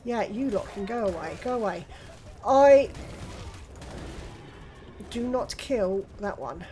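An older British woman hosting her own gaming channel, chatting excitedly through gameplay and with friends on voice chat. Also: medium pitch, slight background noise. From United Kingdom. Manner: chatty, excitable, quick exclamations. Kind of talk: casual gameplay commentary.

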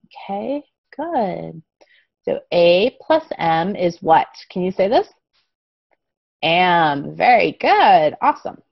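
A young woman from the United States teaching phonics to young children online, speaking slowly and clearly, repeating letter sounds and praising often. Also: fairly low pitch, animated, dry recording. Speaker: kindergarten English teacher. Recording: dull, dry lo-fi sound.

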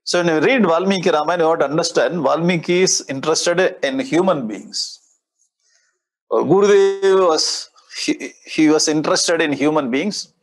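A man's voice: fairly high pitch, moderate pace. A man with a Tamil-influenced Indian English accent gives a spiritual discourse as a swami, explaining Sanskrit verses line by line with playful mimicry.

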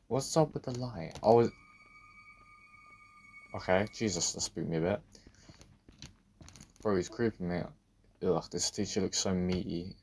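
A man giving a let's-play commentary on a horror game, talking to himself, swearing and breaking into sudden loud outbursts. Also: low-pitched, vocal fry, a little hiss or hum. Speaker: gaming video creator.

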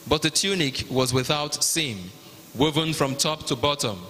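A man with a Nigerian accent narrating the Passion at a liturgy, in a measured, even reading. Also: fairly high pitch. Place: large cathedral. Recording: long cathedral reverb.

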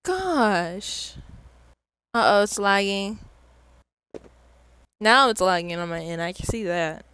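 A woman's voice: mid-range voice, lively intonation, slow, long pauses, a bit bright, slight background noise. A young woman streaming a game, ranting at it in frustration with laughs and sighs. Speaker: gaming streamer. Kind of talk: casual let's play commentary. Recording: game music playing behind. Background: game music.

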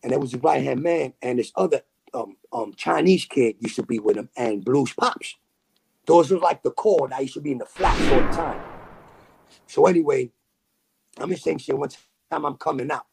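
A man from New City, telling a story as a podcast guest in animated street slang with sound effects. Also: medium pitch, moderate pace, creaky, husky. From New York City. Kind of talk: casual storytelling.

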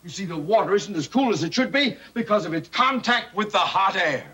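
Stuffy bank manager, kinda high bright voice, a bit husky, stammers a lot. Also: male voice, animated, fairly quick, exaggerated voice. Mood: fussy. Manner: stammering when flustered, pompous. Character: blustery, pompous middle-aged male bank manager. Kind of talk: 1960s sitcom acting.

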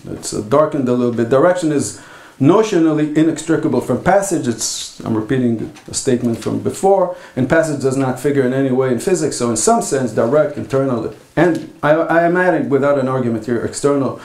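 A man giving an academic philosophy talk at a conference, speaking in a halting, thoughtful way with frequent pauses. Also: medium pitch, a little mellow. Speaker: philosophy lecturer. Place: lecture hall. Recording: echoey lecture hall.

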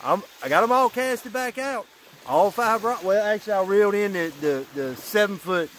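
Male fishing vlogger, high voice, breathless and excitable, riverbank at night, light background noise. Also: moderate pace. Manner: excitable, breathless after a catch, Southern "y'all" slang. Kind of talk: excited outdoor vlog talk.

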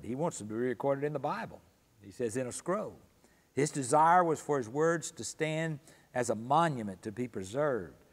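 A man teaching a Sunday school Bible study, explaining calmly and slowing down to read scripture passages with emphasis. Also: mid-range voice, big-room sound. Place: church room.

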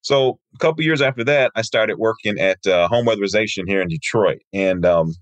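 Guy in his 50s from michigan, karate teacher on a podcast, lowish voice, tells stories and does the voices of people he quotes. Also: fairly quick, dry recording. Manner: lively storyteller who acts out quoted people. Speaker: martial arts instructor. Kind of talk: interview guest storytelling.

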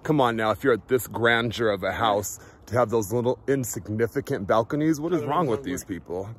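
A man's voice: mid-range voice, fairly quick. A man chatting playfully on a vlog outdoors in a park, grandiose and mock-preachy. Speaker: uncle joining the vlog. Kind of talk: casual vlog chat.

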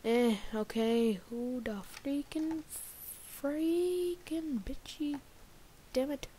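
An excitable woman with an Indian accent narrates her game in a slow, drawn-out way, her voice sitting fairly high. She drops into muttered whispers to herself, then bursts out loud. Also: slight background noise. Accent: Indian English. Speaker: gamer. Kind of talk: let's-play commentary.

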